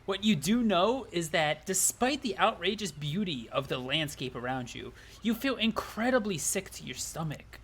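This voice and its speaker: Smug, silky game narrator, teasing and theatrical, high and lively, as a streamer puts him on. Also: male voice, moderate pace, breathy edge, full character voice. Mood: ominous. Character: smug, well-spoken male game narrator. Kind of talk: reading a game narrator aloud.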